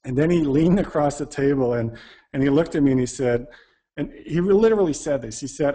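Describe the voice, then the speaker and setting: Guy telling a funny work story, acts out the voices, mid pitch. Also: lively intonation, a little fast, mellow. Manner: anecdotal, self-deprecating, acts out quoted dialogue. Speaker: speaker. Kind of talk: storytelling talk.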